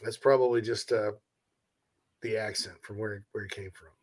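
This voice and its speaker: A man's voice: on the low side, steady tone, moderate pace, darkish tone. A man from South Carolina with an Upstate accent, hosting a casual sports talk show and reading listener comments in a chatty, self-mocking way.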